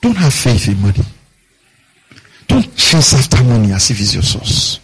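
Husky, lively preaching pastor. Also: male voice, normal speed, rough recording. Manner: animated preaching, asks the congregation questions; acts out quoted voices with big pitch jumps. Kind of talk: sermon.

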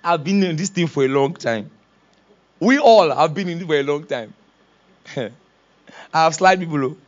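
A man's voice: a little high, lively intonation, moderate pace, dull audio. A man preaching a sermon, acting out quoted voices and laughing often. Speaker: pastor.

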